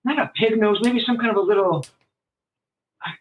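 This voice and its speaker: A man telling stories as a podcast guest in a rambling, animated way, full of fillers and restarts. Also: high-pitched, moderate pace. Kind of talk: storytelling in a casual interview. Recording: tinny phone-like line.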